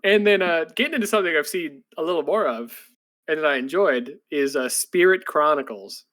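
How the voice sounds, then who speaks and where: A man talks casually on a podcast, recapping what he has watched in a loose, meandering way with many fillers and restarts. His voice sits a little high for a man and sounds bright and forward. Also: fairly quick. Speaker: podcast co-host. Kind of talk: casual chat recapping anime.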